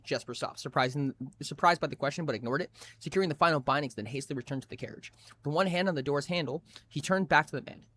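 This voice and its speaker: A man's voice: fairly high pitch, fast talker, fairly bright tone, slight background noise. A man streaming live, reading a story aloud expressively with frequent restarts.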